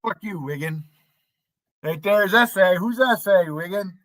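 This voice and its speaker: Male streamer, combative and foul-mouthed, calls out chat viewers; slightly high, sharp-toned voice. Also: measured pace, dry recording. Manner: profane, taunting, combative; addresses chat viewers by name. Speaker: livestream host. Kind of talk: ranting livestream commentary.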